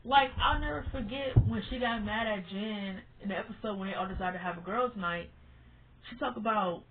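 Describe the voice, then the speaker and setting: A woman talks through a TV series in a casual, opinionated vlog, at a middle pitch. She is blunt, curses freely and repeats words to drive her point home. The sound is thin and tinny, like a phone line. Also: moderate pace, a little hiss or hum. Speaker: TV show reviewer.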